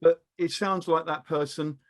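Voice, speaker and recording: A man with a British accent presenting a training webinar over a video call, giving advice in a calm, measured way. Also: fairly high pitch.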